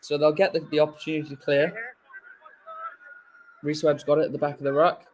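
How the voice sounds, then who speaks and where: Excitable male watchalong host, casual fan commentary, voice sits a little high. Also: fairly quick, slight background noise, low-quality recording. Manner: excitable, swears and laughs freely. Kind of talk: casual live match commentary.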